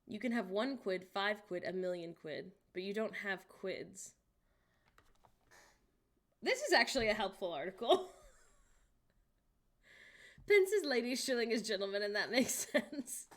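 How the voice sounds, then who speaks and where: A young American streamer with a medium-pitched, animated voice talks a little slowly and pauses often. Hosting casually, she reads chat, jokes, laughs often, and has incredulous outbursts.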